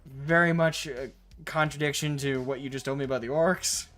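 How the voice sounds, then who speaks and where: A man streaming while painting miniatures, telling a long casual story in a rambling, animated way with the odd swear word. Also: medium pitch, moderate pace. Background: faint Gregorian chant music.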